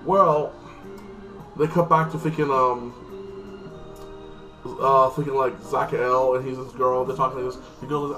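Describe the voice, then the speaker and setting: A man rambles through a casual recap of a TV episode, stacking fillers and restarting his sentences. His voice sits back from the microphone. Loud music plays under him the whole time. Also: mid-range voice, steady tone, a little slow, long pauses. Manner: rambling, filler-heavy, lots of "like". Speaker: TV episode reviewer. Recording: distant mic with loud music.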